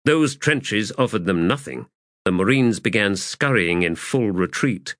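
A man reading a war novel aloud as an audiobook narrator, in measured, steady storytelling. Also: on the low side, dry recording, studio quality. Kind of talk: scripted narration.

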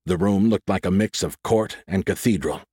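Low-voiced man narrating an audiobook. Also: a little mellow, slightly rough, dry recording. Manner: measured, descriptive reading. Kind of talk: scripted narration. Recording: dry close audiobook recording.

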